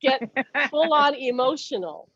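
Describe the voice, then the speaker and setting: A woman giving a mediumship reading in a casual, animated way, often laughing and acting out what others say. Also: sits high, measured pace, no room sound, muffled recording. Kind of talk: casual reading over a call.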